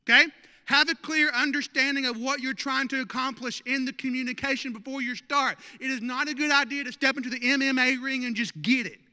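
A man's voice: sits high, pushed and bright. A man preaching a sermon as pastor, conversational and joking with the congregation. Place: church sanctuary. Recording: long church hall reverb.

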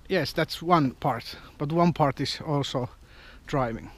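Slow-talking Finnish man, rambling vlog. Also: a little high, a bit bright. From Finland. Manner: rambling, chatty storyteller with non-native grammar. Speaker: vlogger. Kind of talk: casual vlog chat.

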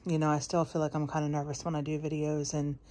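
Late at night at home, a tired, out-of-breath woman vlogs a shopping haul to her phone camera. She chats casually to the camera, rambling and laughing in between, in a low, warm voice at a slightly fast pace.

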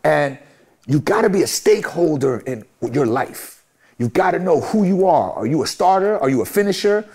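Middle-aged New man, interview guest; emphatic, preachy repetition, voice on the higher side. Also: very animated, moderate pace, darkish tone, breathy edge. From Brooklyn, New York. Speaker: guest, music manager. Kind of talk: candid interview talk.

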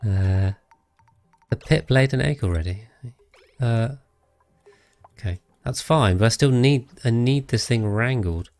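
A man's voice: mid-range voice, a little slow, a little mellow, dry recording, faint music behind. A man streaming a video game live, thinking aloud and chatting casually with his viewers as he plays. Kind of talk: casual live gameplay commentary.

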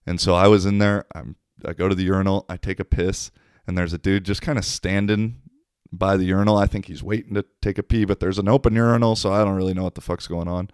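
Chill american guy hosting a podcast, low voice, swears a lot, dry sound. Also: fairly even intonation, fast talker, a little mellow, smooth, no room sound. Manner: profane, laid-back storyteller. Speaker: podcast host. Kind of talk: casual storytelling monologue.

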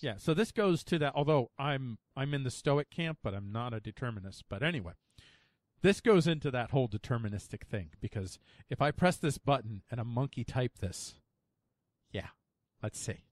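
Excitable laughing male podcast host, dry sound. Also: mid-range voice, normal speed, dry recording. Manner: excitable, laughs often, reads aloud playfully. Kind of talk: casual chat.

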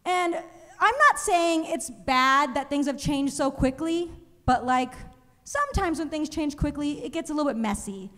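A young woman doing a stand-up comedy set, telling animated stories and acting out other people's voices. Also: high voice, normal speed. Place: comedy stage in a museum venue. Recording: live show in a reverberant hall.

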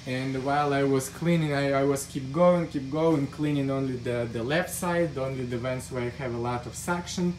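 A man whose first language is not English, walking through an air duct cleaning job inside a house, speaking haltingly and searching for words with many restarts. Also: medium pitch, steady tone, darkish tone, a little hiss or hum. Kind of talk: walkthrough narration on the job.

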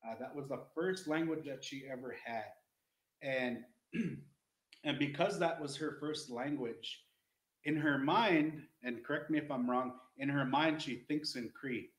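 Earnest guy explaining stuff, rambly, mid-pitch voice, echoey room. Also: measured pace, fairly bright tone. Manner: earnest, rambling, with many restarts. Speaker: Indigenous educator. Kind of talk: informal teaching talk.

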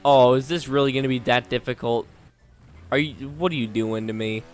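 A man giving live gameplay commentary as a gaming channel host, talking to himself and the game, swinging between low muttering and exasperated outbursts. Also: fairly even intonation, normal speed, soft background music.

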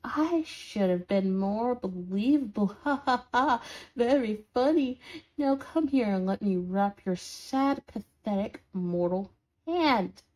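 A woman's voice: medium pitch, expressive, takes it slowly, darkish tone. A woman voicing a sarcastic, scolding horned demon in an audio role-play for a listener. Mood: mocking sarcasm. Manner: sarcastic, scolding, dramatic swings.

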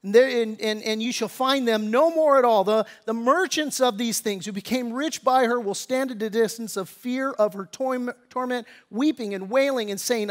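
High-voiced preaching pastor, casual asides. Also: male voice, moderate pace, hardly any pauses. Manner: conversational preaching, grows louder and higher when exhorting; slangy asides. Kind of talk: sermon.

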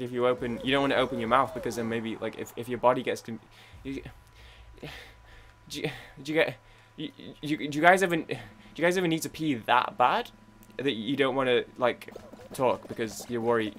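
A man's voice: mid-range voice, fairly even intonation, brisk, fairly bright tone, a little hiss or hum. Rambling British young man gaming. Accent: British English. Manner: rambling, full of restarts and idle humming. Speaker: gaming YouTuber. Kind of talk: casual gaming commentary.

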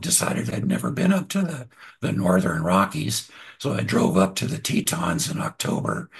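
An older man, a photographer, casually telling stories about his past work while showing slides, relaxed with frequent pauses and restarts. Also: medium pitch. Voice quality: husky and gravelly. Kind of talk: casual storytelling over slides.

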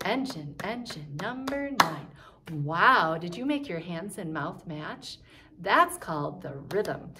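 A woman leads a kindergarten music lesson, chanting rhymes in a sing-song manner and squealing high train whistles. Her voice is a bit bright, with a little hiss or hum in the recording.

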